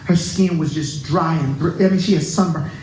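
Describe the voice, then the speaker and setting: A pastor preaching a sermon to his congregation, animated and joking with them. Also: on the high side, moderate pace, reverberant, slight background noise, rough recording. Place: church.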